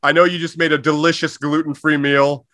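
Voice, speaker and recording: A man putting on the voice of an overexcited lustful husband, shouting and over the top. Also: fairly high pitch, flat delivery, brisk, dry recording, natural voice. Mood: mock-romantic.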